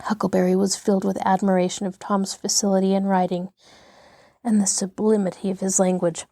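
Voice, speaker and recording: A woman, a children's librarian, reading a classic novel aloud in a steady, measured storytelling voice. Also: mid-range voice, no echo, clean studio sound.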